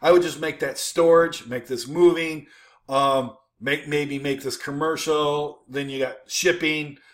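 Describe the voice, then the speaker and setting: A man with a slightly higher voice walks through web pages in loose, offhand commentary. He hesitates and restarts often, then lands his points with a punchy "boom.". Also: steady tone, measured pace. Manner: informal, many fillers and restarts, emphatic "boom". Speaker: host critiquing websites. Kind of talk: casual screen-share commentary.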